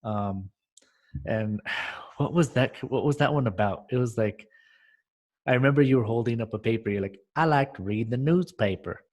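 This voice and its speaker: A man co-hosting a casual chat, rambling through memories and acting out scenes in animated voices. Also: medium pitch, normal speed. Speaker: podcast co-host.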